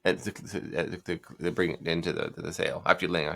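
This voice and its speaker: A man's voice: low-pitched, fairly even intonation, brisk, gravelly, fairly bright tone. A man hosting a solo talk, blunt and commanding in his advice. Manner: blunt, commanding, mocks hesitant speech with put-on hedging. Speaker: host. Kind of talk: solo commentary on persuasion.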